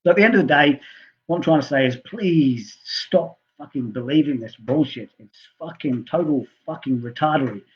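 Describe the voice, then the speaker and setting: Middle-aged male health coach, heated profane rambler, slightly raised pitch, muffled low-fi audio. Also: normal speed. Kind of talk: ranting monologue to camera.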